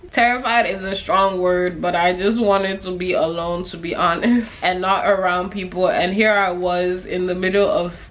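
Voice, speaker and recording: A woman's voice: on the low side, fairly even intonation, unhurried, fairly bright tone. A young woman reading her diary aloud and reflecting on it in a casual, chatty way, laughing often and acting out the people she quotes.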